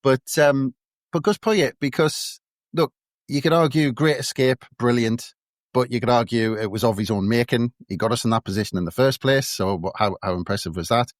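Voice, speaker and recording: A man hosting a casual football podcast, relaxed and teasing, with hesitant fillers. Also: mid-range voice, moderate pace, dry recording, clean studio sound. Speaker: podcast host.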